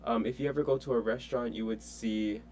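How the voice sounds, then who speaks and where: A man teaching an online French lesson in a relaxed, chatty way with many fillers. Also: mid-range voice, fast, slight background noise.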